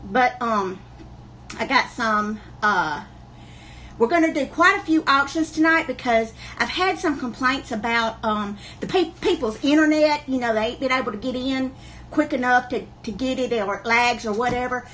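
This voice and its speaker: A high-pitched woman runs a live online sale. Her bright, forceful voice chats folksily as she greets viewers by name. Faint room noise sits behind her. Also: normal speed. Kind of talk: livestream chat. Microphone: camera on a wobbly tripod.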